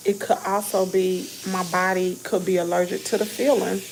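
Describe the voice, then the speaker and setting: A woman with a Southern accent talks anxiously into her phone from a dentist's chair, calling her viewers y'all and sinking into whispers. Her voice has a gravelly edge, and a faint hiss sits under the recording. She sounds casual and scared at once. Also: on the low side, flat delivery, moderate pace. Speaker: vlogger livestreaming from a dentist's office. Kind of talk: casual live chat to viewers. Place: dentist's exam room. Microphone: phone held close.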